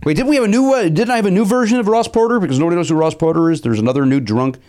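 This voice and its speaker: A man co-hosting a casual comedy chat, joking and animated. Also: high voice, rapid-fire. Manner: animated, jokey, slips into loud put-on voices. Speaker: podcast co-host.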